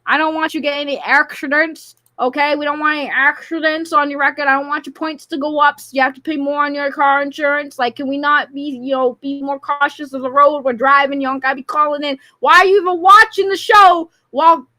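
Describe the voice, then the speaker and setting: A high-voiced woman hosting a live call-in stream, talking loudly and sassily and ranting at callers. Her voice is bright and forceful, she swears freely, and she speaks close to a desk microphone. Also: fairly even intonation, a little fast, few pauses. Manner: loud, sassy and profane, with rambling rants. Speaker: live call-in show host.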